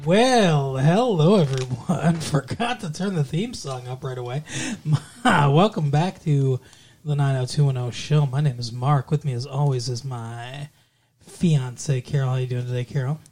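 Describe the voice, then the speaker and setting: A man's voice: mid-range voice, measured pace, a little mellow. A man co-hosts a casual podcast chat, leaning into crude jokes and laughing at his own punchlines. His delivery is loose and playful throughout. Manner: joking, tells crude jokes and laughs often. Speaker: podcast co-host.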